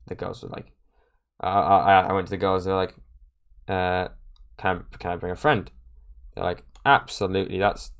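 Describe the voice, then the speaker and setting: A young man with a low voice tells a card-trick story in a chatty, animated way, acting out the people in it. Keyboard clicks sound now and then behind him.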